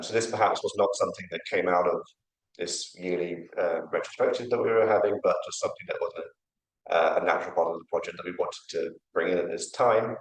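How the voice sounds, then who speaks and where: A man giving a conference talk, hesitant and full of fillers and restarts. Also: low voice. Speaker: conference speaker. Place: lecture room. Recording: echoey lecture room.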